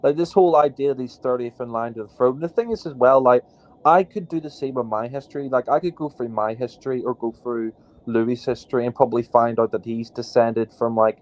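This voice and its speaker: A man's voice: mid-range voice, fairly quick, a little mellow, highs cut off. A man co-hosting a podcast, ranting indignantly with lots of fillers. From Northern Ireland. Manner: indignant, rambling with many fillers. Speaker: podcast co-host. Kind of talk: casual podcast rant.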